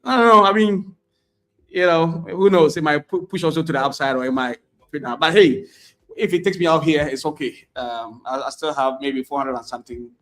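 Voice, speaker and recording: A man's voice: fairly high pitch, steady tone, moderate pace, a bit bright, faint music behind. A man doing casual live commentary on his trades, laughing often and repeating words as the market moves.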